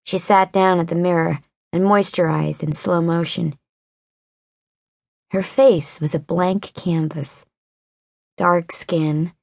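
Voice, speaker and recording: A woman narrating a thriller audiobook in a measured, unhurried way. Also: fairly low pitch, gravelly, no room sound, studio quality. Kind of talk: scripted narration.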